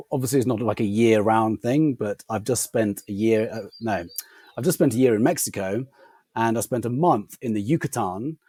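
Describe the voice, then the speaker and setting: Podcast guest with a non-rhotic, R-dropping accent. Man, mellow tone, pitch swings widely. Dry room. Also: dry recording. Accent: non-rhotic English, drops R sounds. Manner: animated, laughing anecdote teller. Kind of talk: casual storytelling chat.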